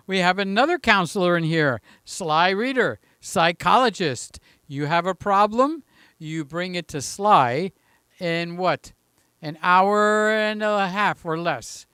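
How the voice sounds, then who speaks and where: A man's voice: sits high, animated, takes it slowly, pushed and bright, clean tone, no room sound, studio quality. A man in his late sixties hosting a live stream, chatting casually and greeting viewers by name in a rambling way. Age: 60s. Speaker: livestream host.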